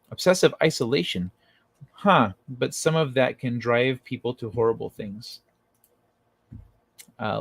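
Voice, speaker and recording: A man hosts a relaxed late-night livestream, reading viewers' chat messages aloud and answering them. He talks at an ordinary pitch in a loose, profane way and swears freely. The sound is dry and close, with little room echo. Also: gravelly. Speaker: livestream host.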